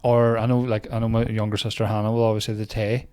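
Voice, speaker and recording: A man's voice: on the low side, little pitch movement, quick pace, dark tone, smooth. A young man doing a casual, rambling comedy monologue as a podcast host, swearing often and mocking what he reads out.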